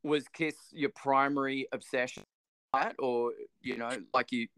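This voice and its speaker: A man's voice: mid-range voice, steady tone, a little slow, fairly bright tone, smooth, dry recording. A man hosting a casual music interview, enthusiastic and effusive with lots of praise. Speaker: interviewer host.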